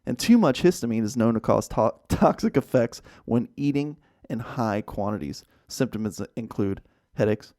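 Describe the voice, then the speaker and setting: Lively, jokey male podcast co-host. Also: medium pitch, normal speed, dry recording, clean studio sound. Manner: animated, jokey, mock-serious delivery. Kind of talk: casual podcast banter.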